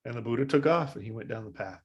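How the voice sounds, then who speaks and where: A man giving a dharma talk at a live meditation service, telling a story in a casual, halting way with many fillers. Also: medium pitch, lively intonation. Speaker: meditation teacher.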